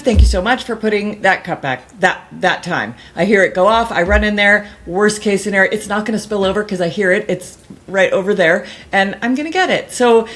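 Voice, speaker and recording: A middle-aged woman, a guest author, telling a story in a casual interview, rambling with many restarts and bursting into lively mimicked voices. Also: mid-range voice.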